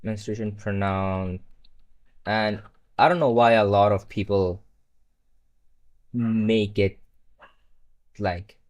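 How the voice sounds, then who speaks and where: A man's voice: lowish voice, fairly even intonation, slow, long pauses. A young man who is not a native English speaker, chatting casually on a live stream while coding, rambling and swearing when frustrated. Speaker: livestreamer.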